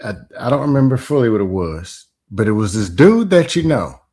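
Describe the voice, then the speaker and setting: A man talks bluntly on a relationship podcast. His pitch swings widely as he argues. He keeps it loose and casual. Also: brisk. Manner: blunt, animated, acts out quoted voices. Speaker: podcast co-host. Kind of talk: casual chat.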